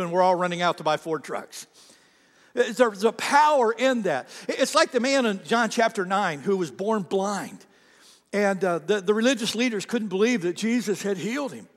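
A man's voice: high voice, brisk, in a large hall. A male pastor preaching a sermon in a conversational way, acting out the quotes in character voices.

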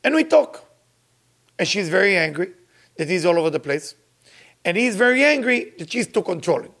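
An older man giving an emphatic sermon to his followers, repeating phrases and jumping to sudden high exclamations. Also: sing-song, normal speed, fairly bright tone. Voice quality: non-native grammar. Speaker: spiritual teacher.

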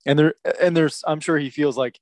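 A man's voice: fairly high pitch, steady tone, normal speed, a little mellow, no room sound. A man co-hosting a casual podcast chat, asking probing questions and thinking aloud with restarts.

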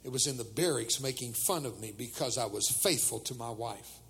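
A man's voice: medium pitch, normal speed, gravelly, a bit bright, slightly rough, big-room sound. An older man preaching a humorous sermon to teenagers, telling jokes and acting out the voices of people in his stories.

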